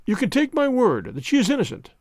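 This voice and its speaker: A man reading aloud who voices a bitter, hunched old ex-soldier in a storybook, pitched higher than his own voice and given to vehement outbursts. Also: wildly swooping pitch, fast, darkish tone, no echo, clean studio sound, full character voice. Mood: agitated. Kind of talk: audiobook character reading.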